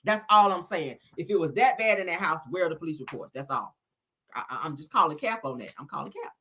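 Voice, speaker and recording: A woman's voice: deep voice, lively intonation, fast talker, pushed and bright, husky. A woman hosting a celebrity gossip commentary, blunt, profane and sassy as she reads viewer comments.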